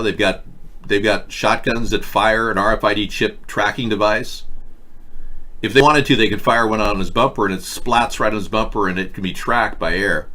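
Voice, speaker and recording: A man hosts a live online talk show, commenting casually on whatever is on screen. His voice sits low and fairly monotone, and he rambles along, tossing wry asides to the viewers in the chat. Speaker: host.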